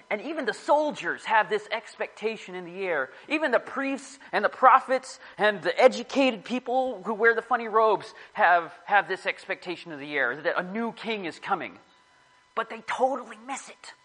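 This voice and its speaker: In a rough recording, a man whose voice sits high with a sharp tone delivers a chatty, meandering sermon to a small gathering. He keeps correcting himself as he goes.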